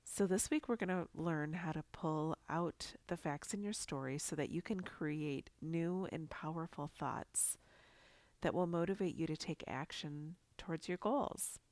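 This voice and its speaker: A middle-aged woman hosting a podcast, speaking calmly and encouragingly in a congested, nasal voice. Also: low-pitched, a little slow, dry recording. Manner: calm, encouraging coaching tone. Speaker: podcast host. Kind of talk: scripted podcast talk.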